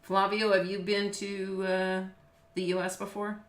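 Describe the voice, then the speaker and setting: A woman's voice: mid-range voice, flat delivery, measured pace. A middle-aged woman from Los Angeles who teaches business law, chatting casually on a video call, with lots of fillers and easy laughs. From Los Angeles, United States. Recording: echoey room.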